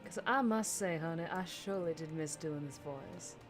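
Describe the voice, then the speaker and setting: A woman's voice: low voice, normal speed, music in the background, lightly acted. A woman doing a folksy southern cowgirl drawl. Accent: put-on Southern US drawl. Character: folksy southern cowgirl space gunslinger, friendly, swaggering.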